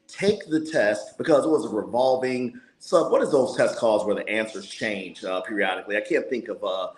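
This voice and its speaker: A man's voice: mid-range voice, reverberant, low-quality recording. A man calling into a live audio panel, telling a story in an emphatic, conversational way. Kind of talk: casual live audio chat.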